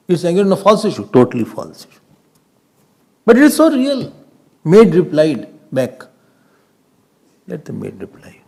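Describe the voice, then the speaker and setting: A man giving a spiritual discourse as a swami, animated and laughing often as he acts out everyday scenes. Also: fairly high pitch, gravelly, breathy edge. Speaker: swami giving a scripture talk.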